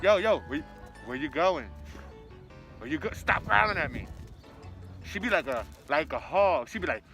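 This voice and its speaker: Breathless, excitable vlogger man outdoors. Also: on the high side, normal speed, over music. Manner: excitable, slangy, talks to his dog. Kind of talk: casual vlog chat while jogging with his dog. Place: outdoors on a street. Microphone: handheld camera.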